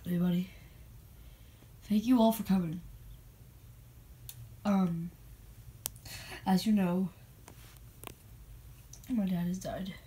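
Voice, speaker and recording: A woman voicing a grieving young man who speaks in halting, stammered words while crying at his father's funeral, in a homemade puppet show. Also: fairly low pitch, steady tone, poor audio. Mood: tearful. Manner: halting, stammering, soft and tearful.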